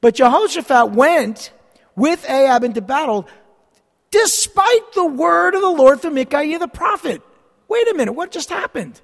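A man's voice: very high-pitched, very animated, normal speed, creaky, a bit bright. A man teaching a Bible study sermon, reading scripture aloud and adding sarcastic asides. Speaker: pastor. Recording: long hall reverb.

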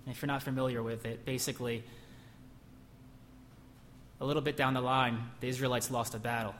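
A man's voice: medium pitch, little pitch movement, brisk, fairly bright tone, a little hiss or hum. A young man preaching a conversational sermon who sometimes bursts into emphasis. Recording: echoey hall, faint ambience.

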